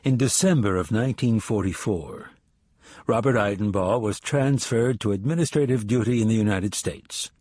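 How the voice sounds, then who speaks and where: Husky male audiobook narrator. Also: lowish voice, darkish tone, no room sound, studio quality. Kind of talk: scripted narration.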